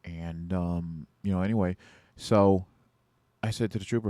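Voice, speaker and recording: Man, podcast host, security guard, casual storytelling, replays his own lines forcefully, dry close sound. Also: sits low, moderate pace, no echo. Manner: animated, acts out his own past lines with rising force.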